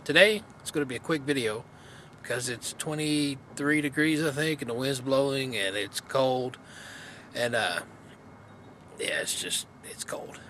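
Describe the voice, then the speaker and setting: A man's voice: mid-range voice, normal speed, fairly bright tone. A man vlogging outdoors in the cold wind, casually telling a story in a rambling, laid-back way with many fillers.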